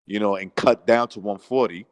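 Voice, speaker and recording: A man's voice: on the low side, steady tone, fairly quick, no echo, poor audio. A man co-hosting a boxing podcast, rambling and loose, with slang and swearing. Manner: rambling, says bro and dude, swears. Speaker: podcast co-host. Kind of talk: casual boxing chat.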